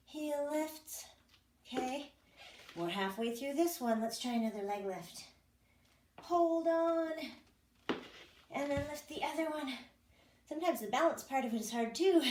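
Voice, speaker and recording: High-voiced woman leading a workout. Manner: chatty, self-mocking, counts down and cues moves. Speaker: fitness instructor. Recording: echoey room, mic at a distance, noisy.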